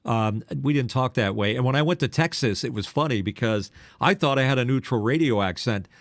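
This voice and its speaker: An older man who used to be a radio DJ co-hosts a casual podcast chat, teasing and telling stories with a trained broadcast delivery. His medium-pitched voice runs a little fast, with no room sound.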